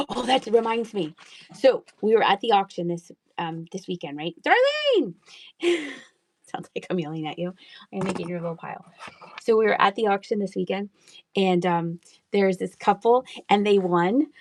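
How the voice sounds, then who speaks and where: Middle-aged woman, livestream auction seller, chatty and giggly, gravelly edge, dry close sound. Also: mid-range voice, no room sound. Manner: chatty, laughs often, drops to near-whispers. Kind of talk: casual live auction selling.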